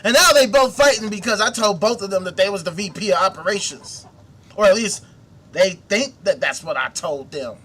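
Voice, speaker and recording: A man's voice: sits high, animated, normal speed, fairly bright tone. A man hosting a commentary show, ranting indignantly with profanity and repeated rhetorical questions. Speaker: host. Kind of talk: casual commentary rant.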